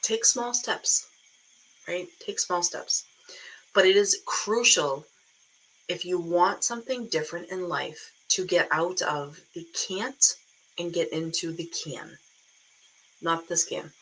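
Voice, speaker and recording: A woman with a Boston accent giving blunt, animated motivational talk to camera as an online business coach, often tagging her points with "right?". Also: on the low side, slow, slight background noise, low-quality recording.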